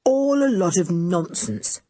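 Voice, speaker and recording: A bright, self-assured teenage boy with a lively, bouncing delivery, as a woman narrator puts him on. He sounds brisk and hearty, reassuring the others, in a dry, close storybook recording. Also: on the low side, dry recording. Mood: confident. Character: confident cheerful teenage boy, leader.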